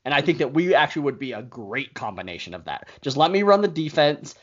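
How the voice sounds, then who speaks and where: A man in a casual chat, teasing a friend and telling stories in an animated way. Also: on the high side, fast talker. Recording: dull lo-fi audio.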